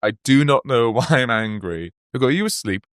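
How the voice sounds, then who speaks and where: Man, podcast host, animated storyteller, mid-range voice, dry close sound. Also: medium pitch, fairly quick, clear, resonant tone, dry recording. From Wales. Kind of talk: casual podcast chat.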